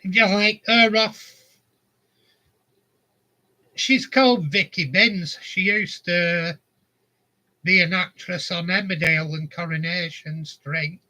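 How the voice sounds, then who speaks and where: High-voiced man spinning yarns. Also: fairly even intonation, takes it slowly, pauses often, bright, forceful tone, poor audio. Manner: rambling anecdotes, chuckling often. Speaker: vlogger. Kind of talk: casual storytelling.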